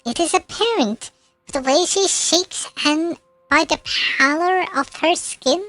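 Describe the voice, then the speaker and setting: A woman's voice: very high-pitched, slow, fairly bright tone, dry recording, soft background music. A woman streamer reading game narration aloud, with occasional slips and self-corrections.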